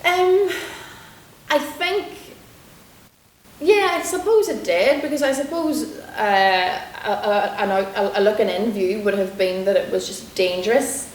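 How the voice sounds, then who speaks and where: A woman with a Derry accent from Northern Ireland, a comedian and actor telling anecdotes in an interview, chatty and animated. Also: mid-range voice, a little slow. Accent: Derry, Northern Irish. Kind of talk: storytelling interview answers. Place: lecture room in a university building. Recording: roomy lecture hall with faint hiss.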